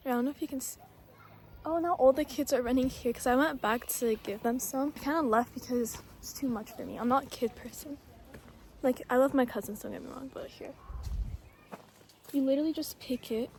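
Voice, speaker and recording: A woman's voice: sits high, normal speed, pauses often, darkish tone. A young woman chatting to her phone camera outdoors in a casual travel vlog, playfully dramatic and full of "like". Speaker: travel vlogger. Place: outdoors in the countryside. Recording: noisy outdoor ambience.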